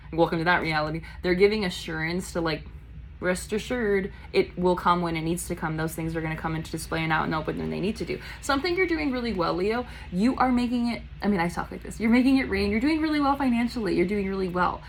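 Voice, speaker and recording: A woman doing a casual tarot reading, chatty and blunt, swearing casually and acting out quick voices in her asides. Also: lowish voice, a little hiss or hum, poor audio. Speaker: tarot reader.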